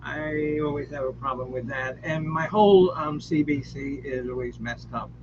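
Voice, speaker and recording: A man's voice: medium pitch, normal speed. A man joining a casual livestream game night, rambling and joking with lots of fillers, over muffled stream audio with faint hiss.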